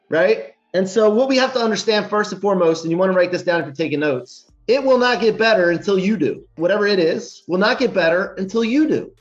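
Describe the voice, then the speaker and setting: A man giving an energetic motivational talk to his weekly viewers, speaking emphatically and repeating phrases for punch. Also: sits high, highs cut off.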